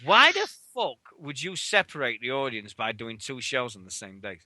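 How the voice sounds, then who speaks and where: A man's voice: mid-range voice, no echo. A British man co-hosting a wrestling radio show, ranting in casual, sweary chat. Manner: swearing, excitable, fast ranting.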